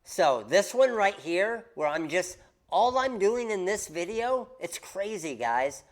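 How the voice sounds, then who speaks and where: A man with a fairly high voice coaches his viewers on a casual livestream. He talks in an animated, emphatic way and hammers the same points again and again. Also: slow. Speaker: host of a craft business livestream.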